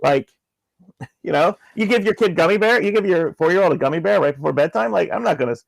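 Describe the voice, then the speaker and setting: Chatty man with a slightly high voice. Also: animated, fast, vocal fry, no echo, rough recording. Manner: rambling, filler-heavy, laughs through stories. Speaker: podcast co-host. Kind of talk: casual podcast discussion.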